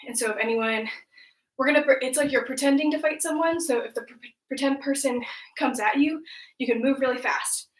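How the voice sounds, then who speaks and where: Breathless high-voiced woman coaching kickboxing. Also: brisk. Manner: upbeat, counts reps aloud. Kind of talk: leading a home workout. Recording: echoey room.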